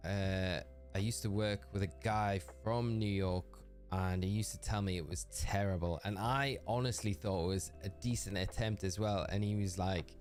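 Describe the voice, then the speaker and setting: A man's voice: sits low, fairly even intonation, moderate pace, few pauses, darkish tone, faint music behind. A man with a northeastern English accent, a livestreamer chatting casually while gaming, laughing often and answering viewers by name. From northeast England.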